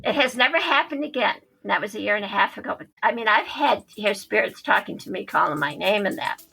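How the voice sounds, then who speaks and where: A woman's voice: mid-range voice, animated, fast talker, gravelly, pushed and bright, husky, low-quality recording. A woman psychic medium, a podcast guest, telling a story animatedly and acting out the quoted dialogue.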